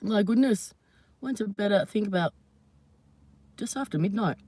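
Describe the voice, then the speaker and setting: A woman's voice: medium pitch, moderate pace, warm tone, husky, no room sound. Woman with a fading, coughing voice. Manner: rambling, emotional, confiding. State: losing her voice, coughing. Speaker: live streamer. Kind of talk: casual live-stream monologue.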